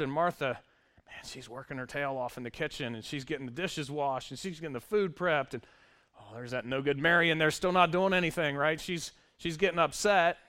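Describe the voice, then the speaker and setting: A man's voice: a little high, a bit bright. A male pastor preaching a sermon, reading scripture aloud with wry, conversational asides to the congregation.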